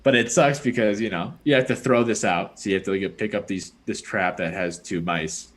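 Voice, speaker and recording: A young man with a lowish voice chats casually on a podcast. He rambles through a story, stacking fillers like "like" and "dude" as he goes. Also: fairly even intonation, a little fast. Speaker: podcast host. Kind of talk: casual chat.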